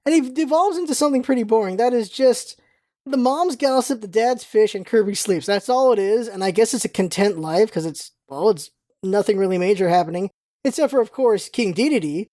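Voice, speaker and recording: A young woman hosting a podcast in a chatty, rambling, excitable way. Her voice is higher than most but mellow and warm in tone. It sits very dry and close, with no room sound around it. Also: brisk, no echo. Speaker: podcast host. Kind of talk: casual rewatch podcast commentary.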